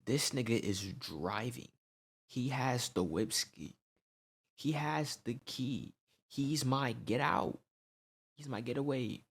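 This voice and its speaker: A young man telling a storytime tale in casual slang, animated and peppered with "right?" tags. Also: mid-range voice, takes it slowly, vocal fry, slightly rough.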